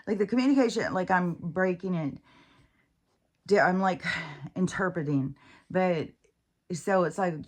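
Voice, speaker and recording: A woman's voice: lowish voice, unhurried, long pauses, darkish tone. A woman vlogging in a casual, rambling monologue about her spiritual life, candid and profane, with many fillers and restarts.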